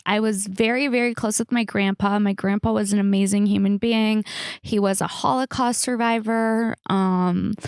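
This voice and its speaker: Young Californian woman, podcast host, rambling storyteller, vocal fry. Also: medium pitch, no room sound, clean studio sound. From Los Angeles area, United States. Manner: chatty storytelling with many fillers and restarts. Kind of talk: casual solo Q&A podcast.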